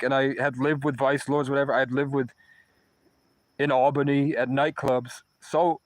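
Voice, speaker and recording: A man's voice: medium pitch, dry recording, poor audio. Rambling young man telling his story. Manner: rambling, profane, restarts mid-sentence. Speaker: vlogger. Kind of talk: casual storytelling monologue.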